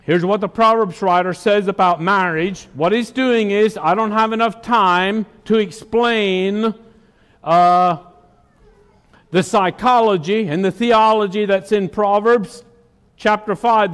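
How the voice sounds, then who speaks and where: A man with a very high speaking voice preaching a sermon, heard with a long reverb from a hall. He talks emphatically and keeps throwing questions out to the congregation. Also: measured pace, a bit bright, smooth. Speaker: pastor.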